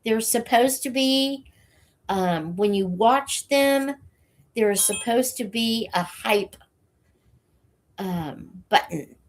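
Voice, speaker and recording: A woman hosting her channel, chatting casually with viewers while she has a cold and is short of breath, speaking haltingly with many fillers. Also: fairly high pitch, slight background noise. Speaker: channel host reading books aloud for students.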